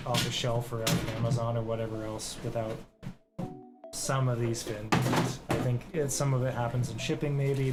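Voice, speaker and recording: A man on a casual livestream, patiently explaining how to set up computer parts while chuckling now and then. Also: mid-range voice. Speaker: streamer helping with a PC build. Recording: music playing behind.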